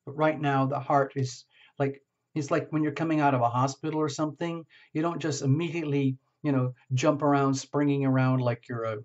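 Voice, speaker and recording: A man giving a casual tarot reading, talking gently and rambling, often checking in with "okay?". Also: mid-range voice, little pitch movement, brisk, muffled recording. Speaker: tarot reader.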